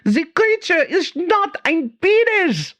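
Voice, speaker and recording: A woman voicing a wild-eyed mad female professor with an obviously fake German accent, shrill and frantic. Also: sing-song, slow, fairly bright tone, no echo, studio quality, full character voice. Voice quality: shrill, squawking.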